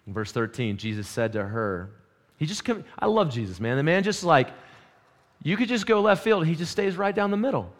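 Dynamic preacher, higher voice. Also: male voice, big pitch swings, normal speed. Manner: dynamic, swinging between loud urgent peaks and quiet intense lows; conversational with casual slang. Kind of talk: sermon.

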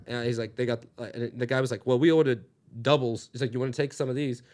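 A young man, a podcast guest telling a rambling, profane, animated comic story. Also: medium pitch, a little fast.

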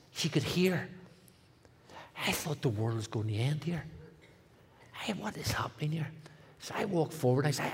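A middle-aged man with a Northern Irish accent, a guest speaker telling his testimony in a comic, animated way, dropping to a hush and rising loud. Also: mid-range voice, husky. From Northern Ireland. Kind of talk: testimony storytelling.

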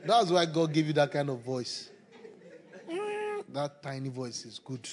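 A man preaching a sermon, animated and repetitive, often breaking into laughter. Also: fairly high pitch, a little slow. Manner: animated, laughing, repeats phrases.

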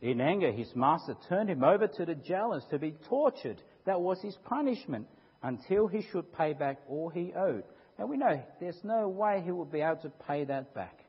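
Telling a story from the pulpit at a moderate pace, a preacher with a husky, slightly high voice lets his pitch swing energetically and keeps asking rhetorical questions. The lo-fi recording is dull, and a long echo fills the church hall around him.

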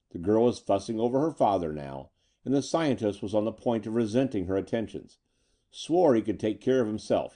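A man narrating a pulp story in a measured, dramatic reading. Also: fairly low pitch, dark tone.

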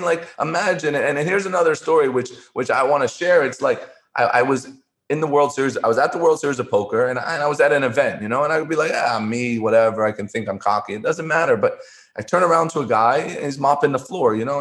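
Fast and fairly bright in tone, this medium-pitched man is a former poker player being interviewed. He shares stories earnestly in conversation, often repeating words and starting over.

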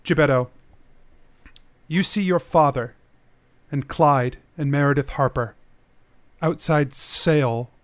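A man with a slightly high voice runs a tabletop game as game master. He narrates in a casual way with many fillers. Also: slow pace, pauses often.

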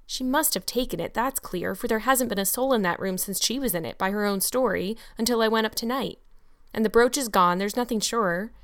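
A woman's voice: mid-range voice, close to an everyday voice. A woman reading aloud and voicing a stern, strict older spinster in a storybook. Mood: troubled. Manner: stern, sharp.

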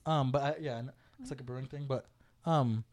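A young man, a podcast co-host, telling a story in casual chat, swearing and loudly acting out quotes. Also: medium pitch, fairly quick.

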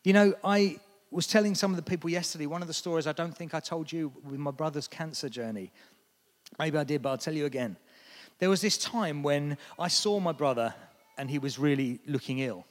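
A man's voice: on the high side, a little fast. A British man preaching a sermon, telling stories with animation and acting out the lines he quotes. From Britain. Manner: animated storytelling, acts out quotes in raised voice. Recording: long hall reverb.

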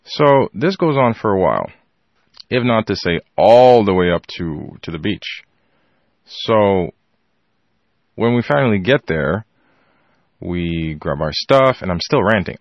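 A man with a low voice tells a rambling personal anecdote, slipping in filler phrases and acting out his family's lines. The recording is dry and a bit dull, with a lo-fi sound. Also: sing-song, unhurried, dry recording. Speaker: storyteller. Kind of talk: personal anecdote told to an audience.

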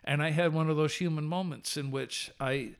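A man telling an earnest personal faith story as a podcast guest, animated and shifting between slow solemn passages and quick telling. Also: a little high, clean tone.

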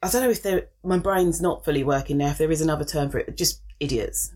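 A woman in her forties, loud, brash and outspoken, swearing freely in casual chat as a co-host. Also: low-pitched, fast. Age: 40s.

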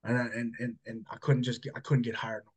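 A man's voice: medium pitch, little pitch movement, fairly quick, slightly rough. A man as an interview guest, telling his faith testimony in an earnest, emotional, conversational way and often tagging phrases with a questioning "right?".

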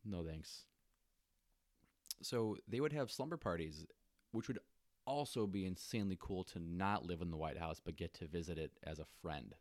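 A man's voice: low voice, moderate pace, no room sound, studio quality. A man co-hosting a podcast in casual chat, laid-back and joking, with frequent "like" fillers. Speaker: podcast co-host.

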